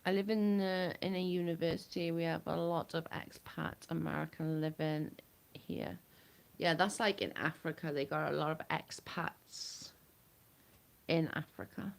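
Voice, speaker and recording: A woman's voice: low-pitched, fairly even intonation, unhurried, vocal fry. A woman chatting casually with viewers on a livestream from home. She is blunt and chatty, and she swears freely. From United Kingdom.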